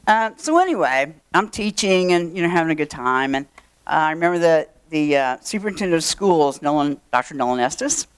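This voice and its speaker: Older lady telling a story live, chatty and wry, smooth clear voice, dry sound. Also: deep voice, lively intonation, brisk, no room sound. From Texas. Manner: chatty, wry asides, frequent fillers. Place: event room.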